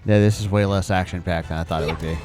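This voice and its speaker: A man giving upbeat game commentary with quick exclamations, over game music. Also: sits low, steady tone, a little mellow. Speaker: gaming video host.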